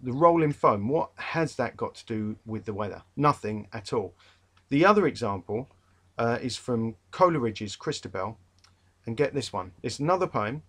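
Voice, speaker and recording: A man's voice: mid-range voice, sing-song, normal speed, a bit bright. A man with a London accent giving a rambling, chatty revision talk to literature students, full of fillers and restarts, and emphatic about a pet peeve. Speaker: English literature tutor.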